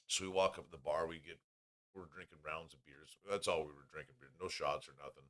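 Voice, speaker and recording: A man's voice: rumbling low, steady tone, a little fast, a bit bright. A man telling profane, rambling anecdotes in a casual podcast chat.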